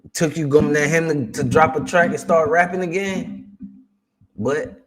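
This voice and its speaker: A young man hosting a reaction stream and talking loosely in heavy slang. His voice sits a touch higher than most men's, and he keeps looping back with "man" and "you feel me". The delivery stays loose and conversational, spoken into a streaming mic. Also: moderate pace, a crowd in the background. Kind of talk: casual reaction commentary.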